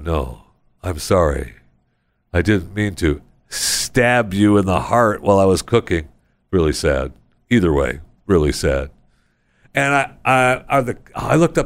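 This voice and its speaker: Rambling sarcastic male podcast host. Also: smooth. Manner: rambling, sarcastic, acts out people in high voices. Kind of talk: casual comedic monologue. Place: recording studio.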